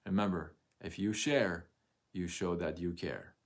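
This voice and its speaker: A man's voice: sits low, a little slow. A man hosting a motivational live stream, speaking earnestly and getting emotional as he repeats his encouragement.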